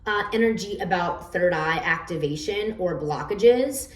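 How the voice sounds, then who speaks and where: A woman's voice: lowish voice, a little slow. Rambling woman with a roomy, distant sound. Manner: rambling, stammering restarts with many fillers. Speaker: oracle card reader. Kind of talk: casual show-and-tell of her own oracle cards. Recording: roomy echo, distant from the mic.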